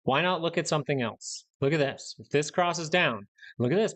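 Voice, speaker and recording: A man's voice: on the high side, normal speed, few pauses, a bit bright. Young guy ranting on a live stocks stream, blunt, says stuff over and over. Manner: blunt, ranting, repeats himself for emphasis. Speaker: stock market livestream host. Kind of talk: live market commentary.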